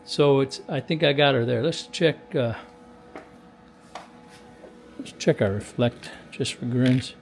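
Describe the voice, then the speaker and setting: A man's voice: medium pitch, slow pace, pauses often. Folksy man testing a radio. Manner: folksy, talks to camera while testing a radio. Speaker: CB radio technician. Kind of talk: casual workshop commentary.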